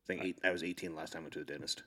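A man's voice: low-pitched, little pitch movement, rapid-fire, pushed and bright. A blunt, dry man on a casual podcast who swears freely.

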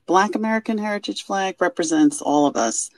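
A woman speaking in a recorded interview, measured and hesitant with fillers. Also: medium pitch.

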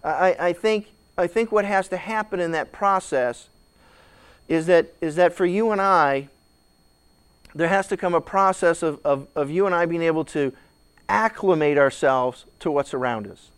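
A male pastor preaching a sermon dramatically, swinging from hushed tones to shouts and often repeating words as he starts sentences. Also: fairly high pitch, normal speed, clean tone.

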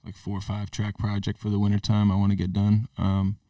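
A man's voice: lowish voice, monotone, fairly quick, mellow, no room sound, clean studio sound, distant mic. A man co-hosting a podcast in casual, laid-back chat. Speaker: podcast co-host, musician.

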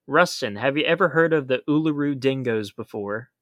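A man's voice: mid-range voice, moderate pace, fairly bright tone, dry recording, studio quality. A man co-hosting a podcast, explaining in a casual chat with emphatic warnings. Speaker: podcast co-host.

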